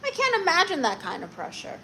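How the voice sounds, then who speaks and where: A woman's voice: very high-pitched, huge pitch swings, a little fast, pushed and bright, a little hiss or hum, rough recording. A woman hosting a casual live stream, chatting and reading viewer comments aloud before answering them. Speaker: livestream host.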